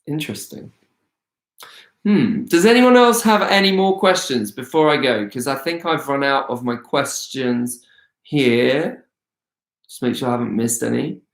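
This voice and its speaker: A man's voice: medium pitch, lively intonation, unhurried, gravelly, roomy sound. A man hosting a casual live-stream Q&A as an actor, chatty and rambling with many hesitations. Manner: rambling, hesitant, full of ums.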